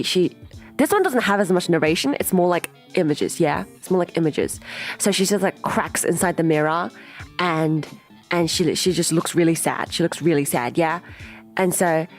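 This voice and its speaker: A young woman streamer with a low-pitched voice animatedly retells a music video's story in casual chat, chaining events together with repeated "and then"s.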